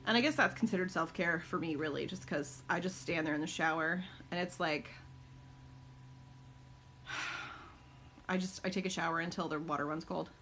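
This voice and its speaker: A woman's voice: moderate pace, long pauses, a bit bright, slight background noise. A middle-aged woman chatting casually on a live stream from her home, answering viewer questions with many ums and likes. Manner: high cooing baby talk to her dogs. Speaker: live-stream host and caregiver mom.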